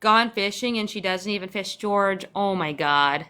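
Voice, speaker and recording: A woman's voice: mid-range voice, measured pace, sharp tone, clean tone. A young woman from Central Texas, chatty and sarcastic, swearing casually as she hosts a phone livestream and answers viewer comments. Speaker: livestream host.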